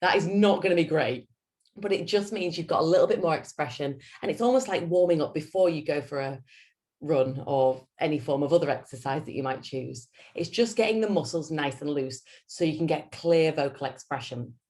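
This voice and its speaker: A woman with a Yorkshire accent coaching a team on public speaking. Her voice sits low, but she delivers it in a theatrical, up-and-down way that keeps the training talk animated. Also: a little fast. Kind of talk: lunch-and-learn training talk.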